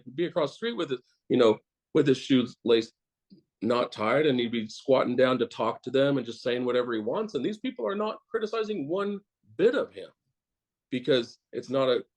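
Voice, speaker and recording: A man, a dentist, talking bluntly and casually in an interview, rambling with many fillers and swearing. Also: mid-range voice.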